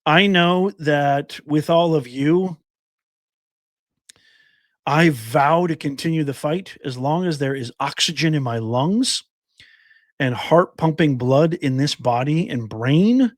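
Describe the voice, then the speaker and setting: An older man signs off a casual livestream as its host, earnestly thanking viewers by name and getting choked up with emotion. His voice is a little high, slow-paced and lively in intonation, and the recording is dry.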